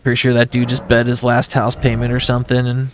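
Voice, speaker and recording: A man's voice: mid-range voice, monotone, fast talker, slight background noise. A man telling a long rambling story to his viewers as he plays a game live. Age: adult with a son. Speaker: gaming streamer. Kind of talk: casual chat while playing a game.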